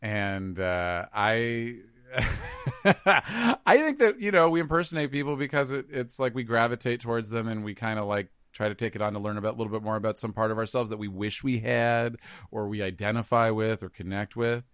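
A man's voice: fairly low pitch, a little fast, fairly bright tone, clear, resonant tone, no echo, clean studio sound. A man chatting on a podcast in a reflective way, laughing often and trailing off. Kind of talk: casual podcast chat.

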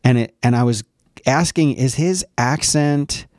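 A laid-back man chats on a podcast, asking curious questions and answering briefly. His voice is mid-pitched and recorded dry and close. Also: measured pace, a little mellow, no room sound. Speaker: podcast co-host. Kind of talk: casual chat.

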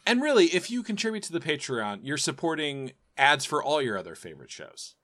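Male co-host, sarcastic banter, crisp bright voice, slightly high. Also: very animated, brisk. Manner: teasing, sarcastic. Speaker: podcast co-host. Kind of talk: casual chat.

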